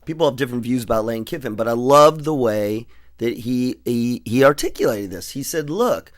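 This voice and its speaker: A man's voice: mid-range voice, fairly quick. A middle-aged man co-hosting a radio talk show, chatting casually and rambling with many restarts. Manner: rambling, restarts often, laughs easily. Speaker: radio co-host.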